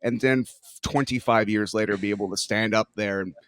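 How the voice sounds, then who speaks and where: A man in his forties co-hosts a casual podcast, his voice sitting a little low. He tells long stories with eager enthusiasm, recorded close and dry with no room sound. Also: steady tone, fairly quick, no echo. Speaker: podcast co-host.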